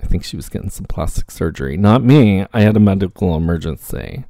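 A man telling a casual personal story, acting out the back-and-forth of the people in it with lively reactions. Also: deep voice, brisk, vocal fry, no echo, clean studio sound. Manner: animated, acts out quoted exchanges.

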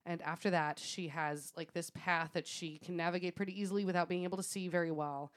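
Lower-voiced woman telling a story. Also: brisk. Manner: laughing, swearing, animated retelling. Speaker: podcast co-host. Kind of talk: casual storytelling chat.

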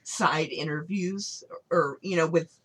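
A woman's voice: deep voice, a little slow, a bit bright, slightly rough, low-quality recording. A woman co-hosting a podcast in casual chat, laughing often. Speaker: podcast co-host.

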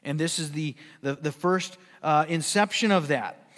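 A man's voice: on the high side, a little slow, a bit bright, big-room sound. A man preaching a sermon, emphatic and full of rhetorical questions. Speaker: pastor.

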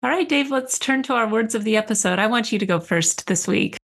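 A woman's voice: on the high side, expressive, a little fast, fairly bright tone, slightly rough. A woman co-hosting a podcast, chatting casually and enthusiastically, laughing as she talks. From United States. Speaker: podcast co-host.

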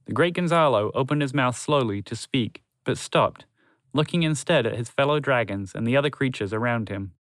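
A man's voice: mid-range voice, normal speed, fairly bright tone, no room sound. Man reading a children's story. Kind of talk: storybook narration.

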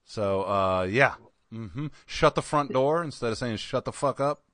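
A man's voice: medium pitch, animated, unhurried, a bit bright, no room sound, studio quality. A man co-hosting a casual podcast, joking and teasing, laughing easily. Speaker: co-host.

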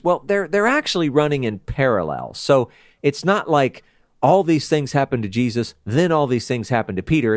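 Man, bible teacher, casual chat, lively swooping pitch, dry close sound, laughs easily. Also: no room sound. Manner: animated, chatty, laughs often. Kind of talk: casual Bible study talk.

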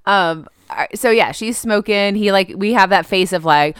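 A woman's voice: medium pitch, moderate pace, clean tone, no room sound, clean studio sound. A woman co-hosting a casual movie podcast, retelling scenes with quoted lines and frequent laughter. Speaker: podcast co-host. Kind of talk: casual movie review chat.

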